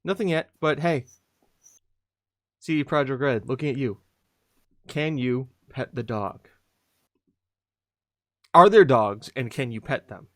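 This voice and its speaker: A man's voice: mid-range voice, slow pace, pauses often, no echo, studio quality. A man co-hosting a podcast in casual, joking chat. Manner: joking, playful, does voices. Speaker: podcast co-host. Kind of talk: casual chat on a live stream.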